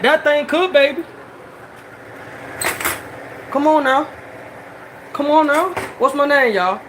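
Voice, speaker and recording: A home cook films dinner in their kitchen, firing hyped, slangy exclamations straight at the chat. The voice sits mid-pitch but leaps up and down with lively swings. A fan hum and steady noise run under the whole recording. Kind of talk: excited cooking vlog, talking to the chat.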